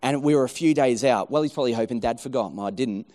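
A middle-aged man preaching a sermon, telling a story with lively acted-out quotes. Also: medium pitch, fast. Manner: animated storytelling, acting out quoted voices. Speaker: pastor.

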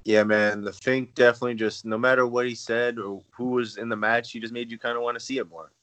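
A man's voice: medium pitch, level tone, fast talker, fairly bright tone, no room sound. A man chatting casually on a podcast in a laid-back way.

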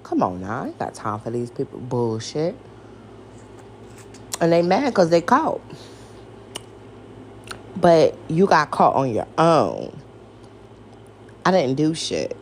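Animated, profane woman ranting with gravelly edges. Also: low-pitched, takes it slowly, pauses often, a little hiss or hum. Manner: animated, profane, exasperated, rhetorical questions. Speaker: podcast host. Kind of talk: casual rant.

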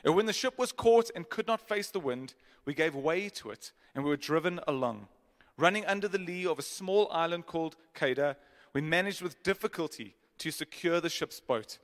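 A man's voice: fairly high pitch, expressive, moderate pace. A man preaching a sermon, reading scripture with dramatic emphasis and joking asides to the congregation. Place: church auditorium. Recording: long hall reverb.

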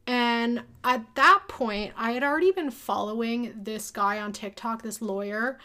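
A woman's voice: a little high, unhurried, hardly any pauses, sharp tone. Candid young woman telling her story. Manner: casual, candid, emotional at times. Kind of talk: personal storytelling monologue.

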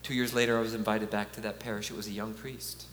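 A man's voice: fairly low pitch, level tone, quick pace, a bit bright. A man giving an earnest, conversational preaching talk with chuckles, at a conference in a large hall. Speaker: conference speaker. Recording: echoey hall, faint hum.

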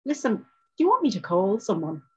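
A woman voicing a soft, cajoling policewoman. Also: medium pitch, very animated, normal speed, lo-fi sound, a little hiss or hum, lightly acted. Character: soft-spoken cajoling female police officer.

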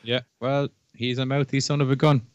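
A man's voice: medium pitch, little pitch movement, normal speed, dry recording, lo-fi sound. A man co-hosting a casual chat. He banters, teases and laughs often. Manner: laughing, teasing, playfully petty. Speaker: podcast co-host.

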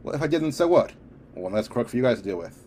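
A man's voice: medium pitch, very animated, very fast, dark tone, slight background noise, lightly acted. A man voicing a cocky young male superpowered rogue in an audiobook reading, sarcastic and defensive.

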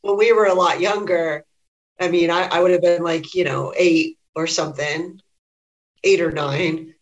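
Woman guest, fairly low voice, relaxed chat, chuckling storyteller. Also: measured pace, poor audio. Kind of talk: casual chat over drinks.

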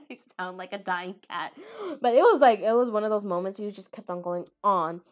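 A woman's voice: medium pitch, normal speed. A woman chatting casually about anime, rambling, laughing and often stopping to correct herself. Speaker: anime vlogger. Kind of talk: casual chat.

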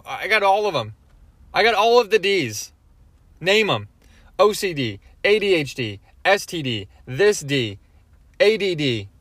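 A man's voice: fairly high pitch, a bit bright, no echo. A man hosting his own podcast alone, rambling from topic to topic in casual chat and swearing freely. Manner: scattered, jumps between topics, swears often. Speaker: podcast host.

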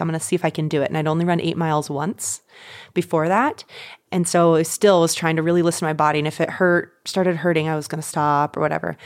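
A woman in her thirties, a podcast guest, telling a personal story in an animated way, laughing often and acting out her own thoughts. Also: lowish voice, no room sound, studio quality. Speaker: podcast guest, runner and coach. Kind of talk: casual storytelling.

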